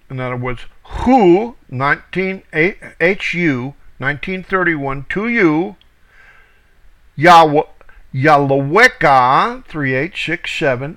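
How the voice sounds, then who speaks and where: A man teaching from scripture, reading each verse slowly and deliberately, calling out reference numbers and stressing key words. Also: fairly high pitch, expressive, sharp tone, poor audio. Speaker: Bible teacher. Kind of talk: scripture reading with word study.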